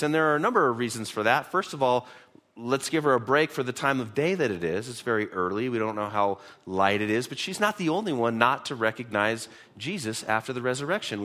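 Pastor, male, mid-pitched voice, relaxed conversational sermon delivery with frequent restarts. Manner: conversational, repeats words when restarting, reads scripture aloud. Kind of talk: sermon teaching through a Bible passage.

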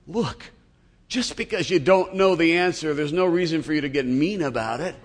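A man voicing a proud, demanding male lion in a told animal fable, asking loudly who the king is. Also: a little high, normal speed, a little hiss or hum, pitched above the performer's own voice, natural voice. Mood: indignant.

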